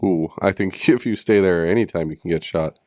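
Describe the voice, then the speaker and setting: Low-voiced man joking around. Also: brisk, darkish tone, no room sound, clean studio sound. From Manitoba, Canada. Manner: joking, teasing, laughs often. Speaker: podcast co-host. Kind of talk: casual chat.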